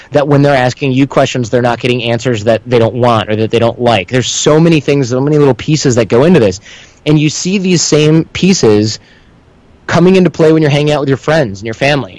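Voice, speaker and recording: A man's voice: medium pitch, a little mellow, dry recording, rough recording. A man in a loose, rambling guest spot, drifting from point to point as he tells stories. He slips into other people's voices when he quotes them. The recording is dry and close, with no room sound. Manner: rambling, self-described windbag; acts out quoted voices within anecdotes. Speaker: guest, instructor. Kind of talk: conversational storytelling.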